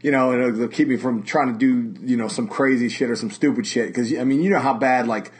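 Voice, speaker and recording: A man's voice: mid-range voice, fairly quick. A man who hosts a podcast and sings metal, talking casually in a rambling, profane way with many fillers and restarts. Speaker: podcast host and metal vocalist. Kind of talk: casual conversation. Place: lives in Las Vegas.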